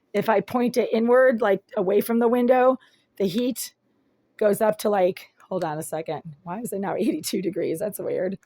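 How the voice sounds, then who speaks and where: A raspy-voiced woman filming a first-person complaint video in a small apartment room on a handheld phone, talking in an aggrieved, detailed and insistent way. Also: medium pitch, dark tone, dry recording. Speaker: vlogger.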